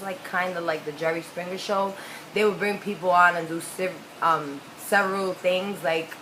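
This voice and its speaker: A woman's voice: on the low side, pushed and bright, a little hiss or hum, low-quality recording. A young woman telling a story in a chatty, profane storytime vlog. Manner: chatty, profane, full of fillers. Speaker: vlogger.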